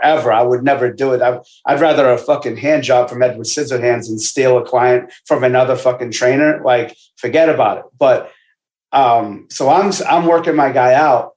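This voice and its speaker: A man who works as a basketball trainer, guesting on a casual podcast and telling stories in a profane, animated way. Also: medium pitch. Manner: profane, animated storytelling with asides. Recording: roomy echo.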